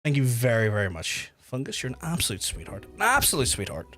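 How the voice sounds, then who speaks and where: A young man streaming a game, chatting excitably with viewers and leaping up in pitch when he gets worked up. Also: fast. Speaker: gaming streamer. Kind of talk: casual livestream chat while playing.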